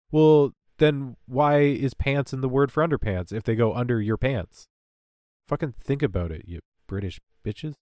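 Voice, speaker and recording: A man co-hosting a casual podcast, recapping a show with sarcastic, rambling rants. His voice sits at an ordinary middle pitch. It is recorded close and dry, with no room sound. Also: moderate pace, darkish tone, dry recording. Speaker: podcast co-host. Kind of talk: casual chat recapping a TV episode.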